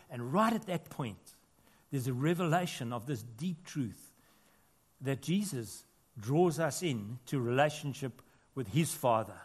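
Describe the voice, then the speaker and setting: A man preaching a sermon as pastor in a church, earnest, rising to emphatic peaks and falling to quiet, intimate asides. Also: medium pitch, expressive, measured pace, breathy edge.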